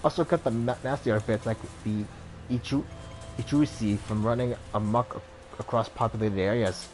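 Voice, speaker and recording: A man's voice: mid-range voice, steady tone, normal speed, a little mellow, faint music behind, close to an everyday voice, low-quality recording. Rainbow: a man voicing a brash Irish woman. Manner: chatty, blunt, slangy. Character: young adult Irish woman, brawny, brash ex-ranger.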